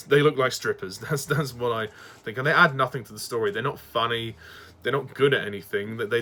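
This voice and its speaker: A man's voice: medium pitch, pushed and bright. A man giving a casual, blunt, opinionated review, laughing often and restarting his sentences. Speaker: video reviewer.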